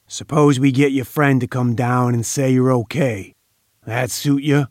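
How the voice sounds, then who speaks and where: A man's voice: medium pitch, steady tone, a little slow, a little mellow, no room sound, studio quality, close to an everyday voice. A man doing a roaring, brutal gang boss. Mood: menacing. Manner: roaring, menacing, bullying. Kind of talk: audiobook character voice.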